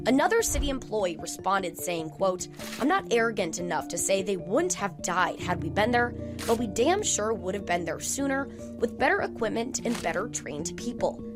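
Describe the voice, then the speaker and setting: Woman reporter in measured news narration. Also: mid-range voice, sing-song, music in the background. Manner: measured, formal delivery. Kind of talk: scripted news narration and interview questions.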